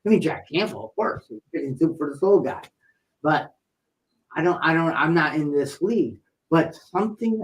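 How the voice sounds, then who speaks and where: A middle-aged man co-hosting a talk show, telling a story in a playful, animated way and acting out what people said. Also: a little high, low-quality recording. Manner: animated, playful storyteller who acts out quotes. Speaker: podcast co-host. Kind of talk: casual storytelling chat.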